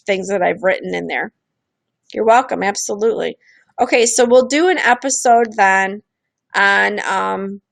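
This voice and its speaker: A woman with a gravelly, fry-laden voice hosts a streamed show, explaining ideas in a loose, candid way. She keeps slipping into little acted-out voices when she quotes people, and she often restarts her sentences. The sound is dry and close, with no room around it. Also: mid-range voice, fairly bright tone, no room sound. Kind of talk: casual explanatory talk.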